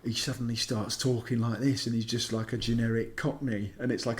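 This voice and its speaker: A man's voice: mid-range voice, level tone, a little fast, hardly any pauses. Chatty man. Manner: chatty, acts out quotes in put-on voices. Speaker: podcast co-host. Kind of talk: casual chat.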